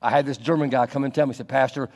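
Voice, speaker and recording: A male pastor delivering a sermon, his delivery swinging from hushed to loud and emphatic. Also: medium pitch, steady tone, rapid-fire. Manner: dynamic preaching, swinging from soft to loud and emphatic. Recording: long reverb of a large hall.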